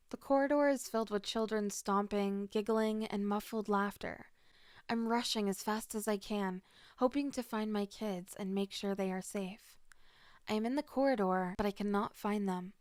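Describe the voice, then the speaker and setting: A woman's voice: mid-range voice, normal speed, darkish tone, no echo, clean studio sound. A woman narrating a dramatic first-person story with emotional delivery.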